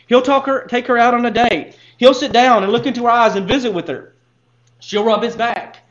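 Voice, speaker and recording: Male pastor, sermon, high voice, earnest direct questions, slightly dull sound. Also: fairly bright tone.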